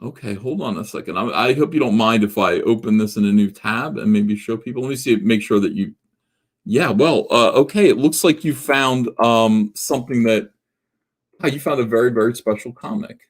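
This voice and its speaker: Speaking at a moderate pace in a mid-range voice, a livestream host in his forties works through viewer comments. His talk is casual and rambling, self-mocking, and packed with filler words and restarts.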